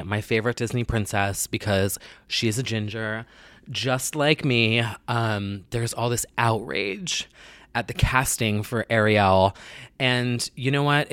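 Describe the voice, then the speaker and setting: A man's voice: mid-range voice, fairly bright tone, no room sound. A man ranting in a casual vlog about pop culture, sassy and exasperated, often swearing.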